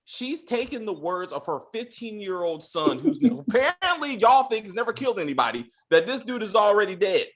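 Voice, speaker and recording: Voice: mid-range voice, sing-song, moderate pace, hardly any pauses. A podcast host ranting casually and with a lot of profanity while reviewing a TV episode. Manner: profane, exasperated ranting with acted-out quotes.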